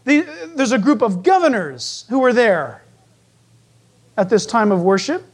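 A male pastor preaching a sermon in an animated, joking way, acting out voices as he goes. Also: high-pitched, a little slow.

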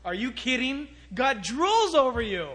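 A man preaching a sermon as pastor, animated, swinging from loud exclamations to hushed storytelling. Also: extremely high pitch, unhurried.

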